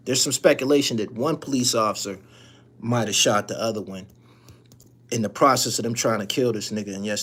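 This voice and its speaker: A man hosting a live-stream call-in show, talking bluntly and profanely in a loose, rambling way with frequent restarts. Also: medium pitch.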